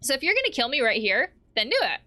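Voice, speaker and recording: A woman narrates a video game as she plays it, reading each character's lines aloud. Her voice sits a little high and sounds bright and clear. Her pitch rises and falls a great deal from line to line. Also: big pitch swings, quick pace. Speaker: let's play host.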